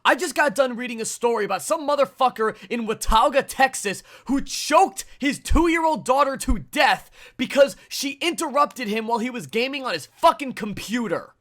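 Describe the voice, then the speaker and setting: A young man hosting a gaming channel, delivering an angry, profane rant to camera with bursts of shouting. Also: very high-pitched, animated, normal speed, few pauses. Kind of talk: angry ranting commentary.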